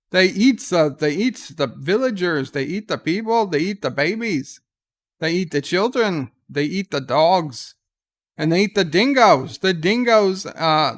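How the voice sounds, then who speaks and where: A man voicing a rambling outback Australian storyteller, spinning tall tales in an exaggerated mock Australian accent. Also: sits high.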